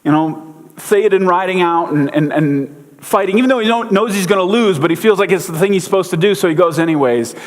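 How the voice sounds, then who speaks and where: A man's voice: sits high, brisk. A man giving a casual sermon, a chatty, joking storyteller with lots of fillers. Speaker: pastor. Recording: long hall reverb.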